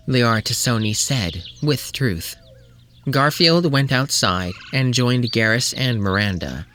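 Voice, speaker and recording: A man's voice: fairly low pitch, a little slow, sharp tone, slight background noise. A man narrating a comedic fanfiction audiobook, reading absurd prose in an earnest, straight tone. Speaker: audiobook reader.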